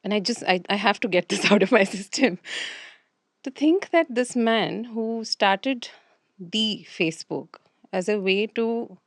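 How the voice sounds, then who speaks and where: A woman's voice: mid-range voice, expressive, a little slow, no room sound, clean studio sound. A woman co-hosting a casual career podcast, giving wry and thoughtful commentary. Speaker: podcast co-host. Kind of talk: casual conversation.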